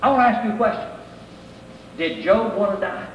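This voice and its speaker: A middle-aged preacher with a strikingly high voice delivers an earnest, pleading sermon. His words ring through a large, echoing church with a long reverb tail, and a faint room hum sits underneath. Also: dull audio. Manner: earnest, pleading, reads scripture aloud with pauses. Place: church sanctuary. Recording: echoey hall, faint room ambience.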